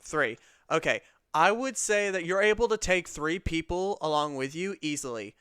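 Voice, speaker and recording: A man's voice: a little high, animated, moderate pace, sharp tone, clear, resonant tone, dry recording, clean studio sound. A man running a tabletop game as dungeon master, explaining rulings step by step.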